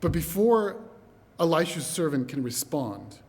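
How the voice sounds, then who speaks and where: Male preacher, fairly high voice, animated storyteller, long reverb of a hall. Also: a little slow. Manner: animated storyteller, addresses brothers and sisters. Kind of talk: sermon. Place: church hall.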